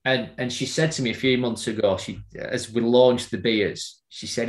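A middle-aged man telling a personal story in casual conversation, halting and repeating words as he remembers. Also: mid-range voice, reverberant. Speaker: guest.

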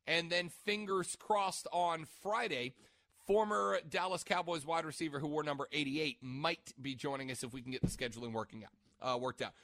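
A man's voice: on the high side, fairly even intonation, normal speed, a bit bright, dry recording. A man hosting a sports radio show, chatting casually and rambling, stopping mid-sentence to check his notes. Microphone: studio microphone.

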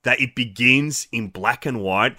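A man's voice: medium pitch, measured pace, pushed and bright, no room sound, clean studio sound. An Australian man co-hosting a podcast, chatting about a film with enthusiasm, swearing casually and cracking bawdy jokes. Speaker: podcast co-host.

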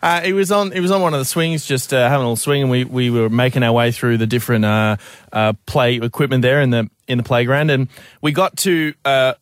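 A man's voice: mid-range voice, fairly even intonation, a little fast, dry recording, clean studio sound. A young Australian man co-hosting breakfast radio, telling rambling stories with lots of laughs. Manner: rambling storyteller, laughs often. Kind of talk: casual radio banter.

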